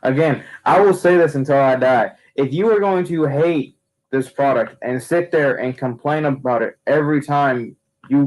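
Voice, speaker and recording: A man's voice: medium pitch, a little mellow, poor audio. Young man, wrestling streamer, casual rant, rambling, frequent restarts.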